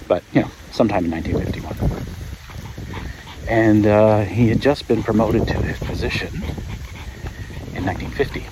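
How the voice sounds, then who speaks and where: A man with a lowish voice hosts his own podcast while walking his dog outdoors, speaking at a moderate pace with long pauses. He rambles casually, full of fillers and laughter, and sounds a little out of breath from walking. It's a noisy outdoor field recording with the dog and outdoor ambience in the background.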